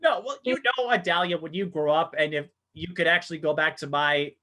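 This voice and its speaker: A middle-aged sportscaster interviews young athletes over a casual video call, teasing them and laughing often. His voice is a little high and sharp, and he talks fairly quickly.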